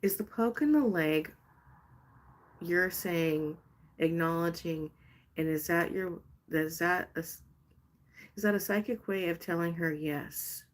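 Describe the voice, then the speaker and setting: Woman, live stream host, casual chat, bubbly, gushing, lowish voice. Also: takes it slowly, pauses often. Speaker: live stream host doing card readings.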